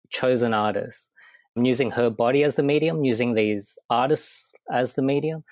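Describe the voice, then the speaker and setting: A man's voice: medium pitch, darkish tone, no echo. A man co-hosting a podcast, talking through an article in a thoughtful, rambling way. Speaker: podcast co-host. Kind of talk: casual podcast chat.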